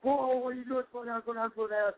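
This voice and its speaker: A frantic father pleading to slow down, put on by a man telling a story. The voice jumps well above his usual speaking pitch. It comes through a thin, tinny phone line. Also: lively intonation, lightly acted. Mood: panicked. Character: panicked grown man begging his daughter to slow down.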